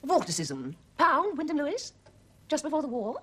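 A theatrical bohemian art teacher gushes in a fairly high voice that swoops widely up and down. She savours every grand word with dramatic flair. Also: huge pitch swings, moderate pace, a bit bright, full character voice. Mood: gushing. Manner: gushing, theatrical. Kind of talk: 1970s TV period drama acting.

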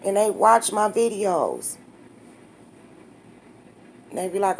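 A woman's voice: mid-range voice, big pitch swings, takes it slowly, creaky, long pauses, a little hiss or hum. A woman in her fifties talking straight to her viewers in a casual vlog, blunt, candid, slangy and emotional. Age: 50s. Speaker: vlogger.

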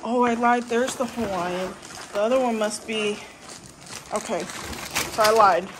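A woman's voice: a little high, unhurried. A woman hosting a family vlog, chatting casually as she tastes and describes dishes at a restaurant table. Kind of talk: casual food review chat. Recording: echoey room with background noise.

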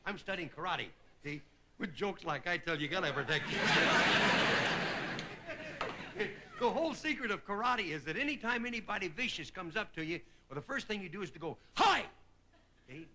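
A comedian in his fifties delivering a stand-up monologue, chuckling at his own gags and dropping into quick character voices. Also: high voice, expressive, noisy background. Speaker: comedian host. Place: television studio stage with live audience.

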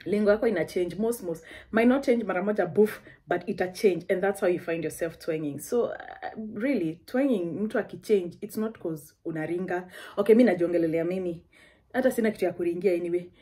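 A woman's voice: on the low side, brisk, warm tone, breathy edge. A woman from Kenya with a Kenyan accent, telling personal stories in a chatty vlog full of asides. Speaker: vlogger. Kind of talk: casual storytelling.

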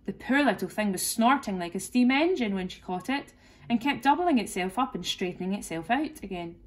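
A woman, a teacher, reading a children's classic aloud clearly and expressively. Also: medium pitch, lively intonation, brisk. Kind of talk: storybook read-aloud.

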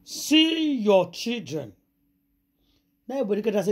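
A woman with a Nigerian accent tells a juicy gossip story in a husky, breathy voice. She retells it dramatically, repeating her exclamations for effect. The tone stays casual, like a host chatting to her regular viewers. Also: medium pitch, expressive, moderate pace, pauses often, darkish tone.

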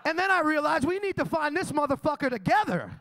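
A man's voice: extremely high pitch, big pitch swings, fast talker, pushed and bright. A young man doing a crude, boastful stand-up set in a comedy club. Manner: brash, crude, boastful storytelling.

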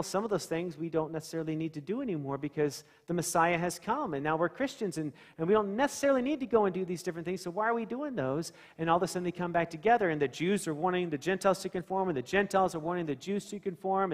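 A man's voice: a little high, in a large hall. A male pastor giving a conversational sermon in a church, asking the congregation questions and acting out scenes. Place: church sanctuary.

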